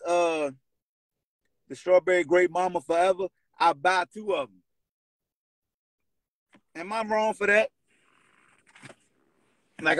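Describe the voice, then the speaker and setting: A man hosting a sports podcast with a Virginia accent, taunting and shouting at players in casual trash talk. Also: sits high, no echo, poor audio. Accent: Virginia (757 area). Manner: loud, taunting, animated, shouts and laughs. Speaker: podcast host.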